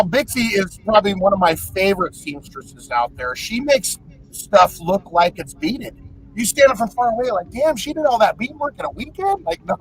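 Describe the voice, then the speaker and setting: High-voiced joking male podcast host. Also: poor audio. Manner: playful, jokey, bursts into shouted promos. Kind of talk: casual podcast chat.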